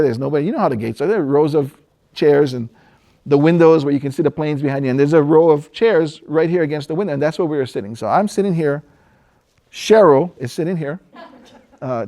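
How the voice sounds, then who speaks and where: A man from Hawaii telling a personal story in a relaxed, conversational way, pausing often and chuckling now and then. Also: on the high side.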